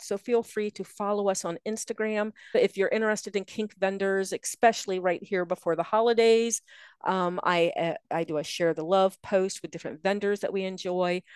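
A woman's voice: medium pitch, darkish tone, clean tone, no room sound. A middle-aged woman co-hosting a podcast, chatty and upbeat, sharing show news and laughing easily. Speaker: podcast co-host. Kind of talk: casual chat and show announcements.

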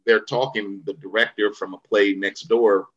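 A middle-aged man from the Bay Area recounting his start in acting during a relaxed interview, circling back with "you know" and restarts. His voice sits very low yet comes across bright and forceful. The recording is a little dull and muffled. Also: moderate pace. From Vallejo, Bay Area, California. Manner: rambling storyteller, many fillers and restarts. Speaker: actor, interview guest. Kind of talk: casual interview conversation.

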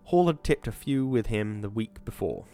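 Low-voiced man narrating a story. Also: very animated, moderate pace, mellow, soft background music. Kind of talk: audiobook narration.

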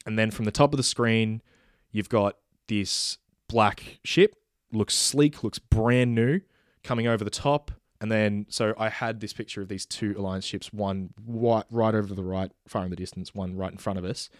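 A man pitches a film idea in casual conversation, rambling with lots of fillers and restarts and sometimes acting out characters' lines. He talks at a normal speed, and the clean studio recording has no echo.

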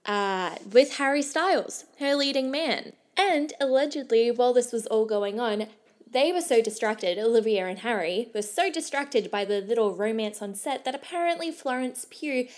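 A woman's voice: fairly high pitch, expressive, moderate pace. A young woman hosting a podcast in a casual, gossipy chat, with lots of "like". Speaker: podcast host.

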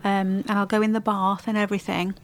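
A woman's voice: mid-range voice, flat delivery, fairly quick. A woman with an English Midlands accent co-hosting a casual couple's podcast, chatty and giggly. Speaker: podcast co-host.

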